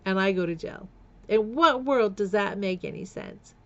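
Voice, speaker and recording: A middle-aged woman speaks in a gravelly voice with some vocal fry. She recounts her own past candidly and bluntly, breaking into laughter between lines. The recording is a little dull and lo-fi. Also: medium pitch, normal speed. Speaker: vlogger. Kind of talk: personal storytelling vlog.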